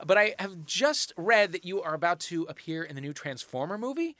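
Loud, lively, bright-voiced male quiz host. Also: sits high, brisk, no echo. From United States. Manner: loud, playful, teasing. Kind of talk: comedy quiz hosting.

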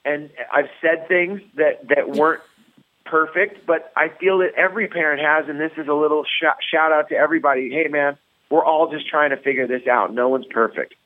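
Over a tinny, phone-line connection, a male comedian guest tells stories in a casual interview, rambling and frequently restarting. He speaks at a moderate pace in a fairly high voice with fairly even intonation.

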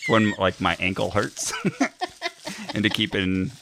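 Very deep-voiced, wry man podcast co-host. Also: unhurried, creaky, background noise. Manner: wry, deadpan joking. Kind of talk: casual comedic chat.

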